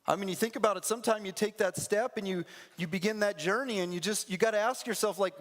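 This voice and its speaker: A male pastor giving a lively sermon in a church, acting out scenes in different voices. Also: sits high, fast. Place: church sanctuary. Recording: echoey church hall.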